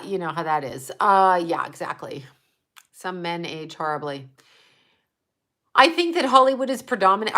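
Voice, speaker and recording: A woman's voice: medium pitch, pushed and bright. A woman hosting a livestream, talking casually and bluntly with lots of swearing, rambling and thinking aloud while she answers viewers. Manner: blunt, profane, opinionated; trails off, talks to herself while looking things up. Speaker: livestream host answering chat.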